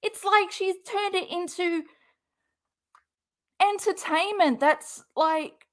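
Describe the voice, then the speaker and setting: Sarcastic, high-voiced woman reacting angrily. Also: takes it slowly. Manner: sarcastic, swearing, exasperated. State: has a cold. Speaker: reaction streamer. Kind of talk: angry commentary over a clip.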